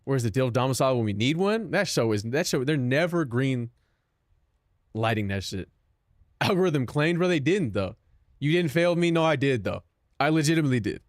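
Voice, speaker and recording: A man's voice: medium pitch, animated, moderate pace, no echo, studio quality. A young man streaming and chatting casually with his viewers, joking, swearing and mocking himself. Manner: self-mocking, profane, joking.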